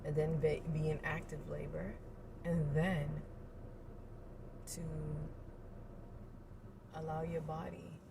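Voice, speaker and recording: A woman's voice: sits low, flat delivery, slow pace, creaky, long pauses. A woman birth coach giving an encouraging, playful motivational talk and acting out little inner voices. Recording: distant mic with loud road noise.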